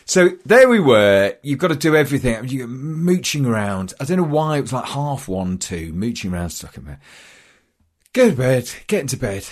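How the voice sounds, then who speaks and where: A man's voice: mid-range voice, normal speed. A middle-aged man chatting casually and telling comic stories, acting out voices as he goes. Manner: animated, acts out voices in his stories. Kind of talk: casual chat, comic storytelling.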